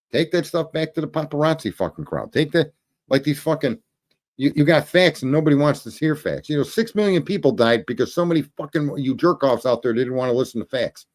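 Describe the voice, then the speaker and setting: On a ranting livestream, a male host calls out commenters by name, speaking combatively and with lots of swearing. For a man his voice runs slightly high, with a lively, swinging pitch, and his delivery is fairly quick.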